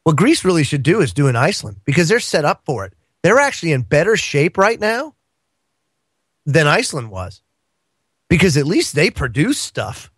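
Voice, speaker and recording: A man talks as a guest on a casual political radio show in a fairly high voice. He rambles and restarts his sentences, with plenty of fillers and chuckles. His voice sounds close and dry. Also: sing-song, normal speed, a bit bright, husky, no room sound.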